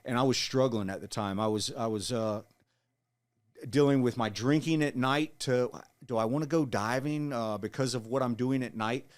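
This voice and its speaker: A man in his forties telling his story in an interview, earnest and halting, with frequent restarts. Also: mid-range voice. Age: 40s. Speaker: guest, Marine veteran.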